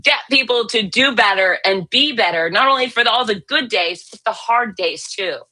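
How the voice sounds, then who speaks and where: Emphatic, pointed woman with a bright voice. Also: on the high side, lively intonation, normal speed. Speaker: fitness author and guest. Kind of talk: interview conversation.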